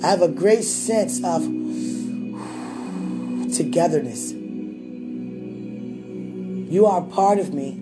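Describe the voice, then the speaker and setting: A woman speaks a personal, devotional message to a loved one in a fervent, prayerful way. She talks slowly and lingers on her words, calling out to God as she goes. Music plays clearly in the background. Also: fairly low pitch. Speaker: woman sharing a spiritual message.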